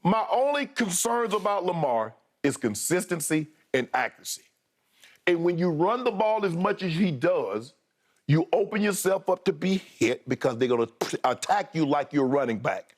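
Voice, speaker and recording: A man's voice: fairly high pitch, sing-song, normal speed. A man co-hosting a sports debate show, talking in an emphatic, scolding way and repeating his points for effect.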